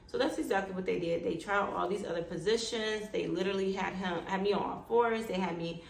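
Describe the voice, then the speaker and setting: A woman vlogger telling a personal story in a lively way, acting out what others said. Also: mid-range voice, a little fast, vocal fry. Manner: animated, acts out quoted dialogue. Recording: echoey room with faint background noise.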